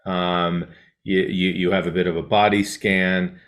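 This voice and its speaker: A man teaching a mindfulness class in a casual, rambling way, often checking in with "right?" and dropping to a soft hush to guide the breath. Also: low-pitched, level tone, a little slow. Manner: drops to a soft hush when guiding breath.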